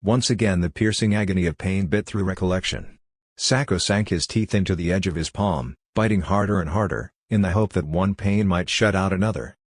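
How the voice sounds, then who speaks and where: A male narrator reading a novel aloud, with a very deep voice. The recording is dry and close, with no room sound. His reading is measured and steady. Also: no echo. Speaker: audiobook narrator. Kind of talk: scripted narration.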